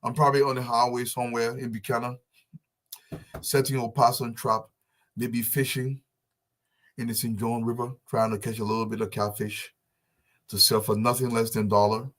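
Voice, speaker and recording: A man's voice: medium pitch, level tone, normal speed, long pauses. Impassioned man pleading publicly. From Liberia. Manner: fervent, pleading, repetitive, swinging from soft to loud. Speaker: diaspora business advocate.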